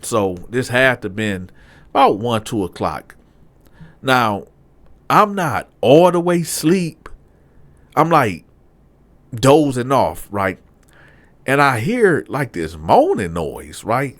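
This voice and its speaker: A middle-aged man casually telling a story, swinging between loud acted-out voices and low hushed asides. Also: takes it slowly, long pauses. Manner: animated, acts out other inmates in loud raised voices. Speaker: storyteller, channel host.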